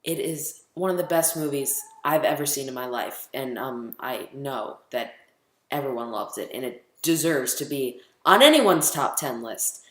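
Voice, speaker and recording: A man's voice: medium pitch, expressive, unhurried, fairly bright tone. A teenage boy vlogging casually, rambling and chatty, full of ums as he counts down his favorite movies. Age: teens. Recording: echoey room.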